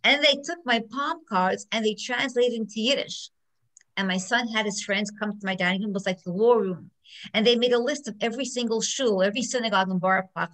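A woman's voice: fairly high pitch, a little fast, low-quality recording. A middle-aged woman who is a judge, giving an inspirational talk full of stories and acting out what people said. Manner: animated storyteller who acts out quotes.

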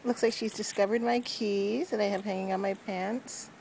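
A woman's voice: medium pitch, fairly even intonation, normal speed, creaky, a little mellow. A woman casually narrating as she pets a cat outdoors, playful and self-mocking, talking to the cat now and then. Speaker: vlogger. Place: outdoors on a street. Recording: noisy outdoor street recording.

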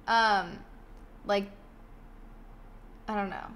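A woman's voice: on the high side, lively intonation, a little slow, a bit bright. A woman chatting casually on a live gaming stream, giggly and scattered, often breaking into laughs.

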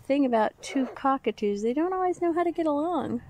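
Speaking fairly quickly with lively intonation and hardly any pauses, a woman with a high-pitched, darkish voice coos praise at her pet bird. She cares for rescued birds and is chatting casually with this one outdoors in the sun. There's slight background noise, along with birds calling and cooing.

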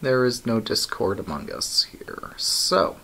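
A man's voice: fairly low pitch, animated, takes it slowly, sharp tone. A man live-streaming his coding work, thinking aloud in a wry, casual way with many ums and uhs.

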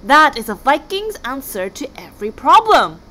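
A woman's voice: high-pitched, big pitch swings, normal speed, voice pushed up, full character voice. Woman doing a blustering Viking king. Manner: loud and pompous. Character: boastful thick-headed male Viking king.

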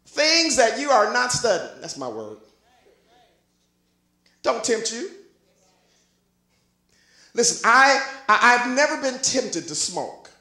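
High-voiced man preaching a sermon. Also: big pitch swings, slow pace, pauses often. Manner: jokey and conversational, building to shouted emphasis. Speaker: bishop preaching. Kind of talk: live sermon. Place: church sanctuary with congregation. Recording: echoey church recording.

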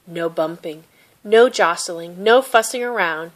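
Gentle woman reading a picture book. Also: on the low side, unhurried. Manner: gentle, expressive narration. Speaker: storybook reader. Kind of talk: children's picture book read-aloud.

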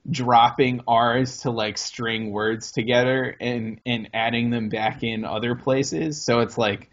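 A man's voice: mid-range voice, fairly even intonation, slow pace, lo-fi sound. A man, co-hosting a podcast in casual chat and rambling through hesitant restarts. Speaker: podcast co-host.

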